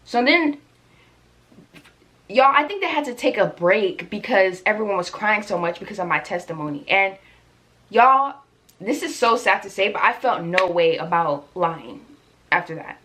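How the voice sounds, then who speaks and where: A young woman telling a story in a vlog, animated and chatty, addressing her viewers directly. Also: mid-range voice, moderate pace. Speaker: vlogger.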